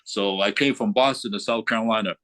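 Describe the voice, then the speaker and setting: Older man, veteran, low-ish voice, blunt, swears a lot, casual storytelling. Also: a little fast, no echo. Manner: blunt, profane, animated when retelling. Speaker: veteran interviewee. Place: remote call from abroad.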